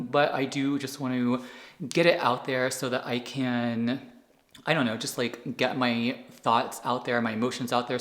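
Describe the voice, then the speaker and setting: A man's voice: mid-range voice, fairly bright tone, roomy sound. A man talking to camera in an unedited sit-down vlog, rambling with fillers and restarts as he explains his content. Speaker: anti-aging content creator.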